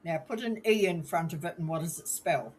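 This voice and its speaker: A woman with a New Zealand accent co-hosting a casual podcast, teasing and quick-witted. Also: fairly low pitch, darkish tone, a little hiss or hum. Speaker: co-host.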